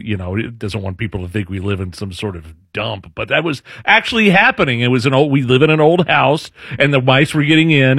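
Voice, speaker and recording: A man's voice: medium pitch, no echo, clean studio sound. A man hosting a talk radio show, chatty and telling stories with many restarts. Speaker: radio host. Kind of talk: casual radio show banter.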